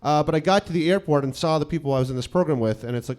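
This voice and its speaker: A man's voice: on the high side, very fast, few pauses, a little mellow. A man in his thirties from New York City, a comedian telling a profane, self-mocking personal story and acting out the quotes.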